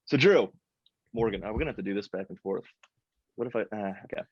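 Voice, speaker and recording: A man hosts a loose comedy podcast chat, self-deprecating and quick to laugh. His pitch leaps around as he talks. The sound is dull and lo-fi, yet dry. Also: expressive, breathy edge, dry recording. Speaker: podcast host.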